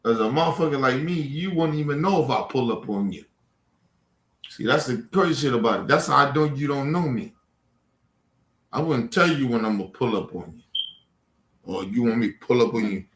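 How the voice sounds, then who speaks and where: A man's voice: medium pitch, lively intonation, brisk, pauses often, slight background noise. A man hosting a livestream, confronting trolls in the chat in a heated, profane rant. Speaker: livestream host. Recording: echoey room.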